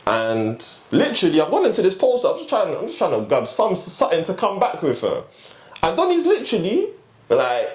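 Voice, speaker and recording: A young man, a guest DJ telling a story in slangy, casual chat with frequent laughs. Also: fairly high pitch. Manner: slangy, animated, laughs often. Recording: roomy echo, faint background hum.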